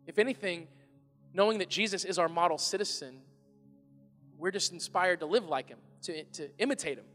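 A man in his thirties preaching a casual, animated sermon to a congregation in a large church. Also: sits high, moderate pace. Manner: animated and conversational, shouting at times. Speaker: pastor. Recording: echoey hall with faint music.

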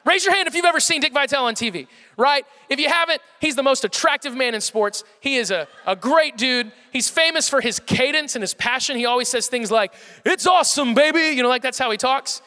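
A young man giving a comic storytelling talk to a live audience, animated and self-mocking with playful exaggeration. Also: extremely high pitch, fairly quick. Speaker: speaker addressing a live audience. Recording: long hall reverb.

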